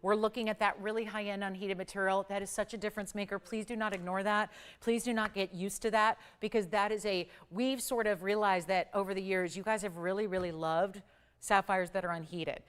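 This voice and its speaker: A woman's voice: medium pitch, steady tone, a little fast, clean tone. A woman hosting a live TV jewelry shopping show, pushing deals with urgent, upbeat sales patter and counting prices down. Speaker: shopping channel host. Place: TV studio.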